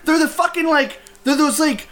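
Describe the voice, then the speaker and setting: A young man co-hosting a podcast, rambling loudly through crude comic banter. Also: very high-pitched, normal speed. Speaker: podcast co-host.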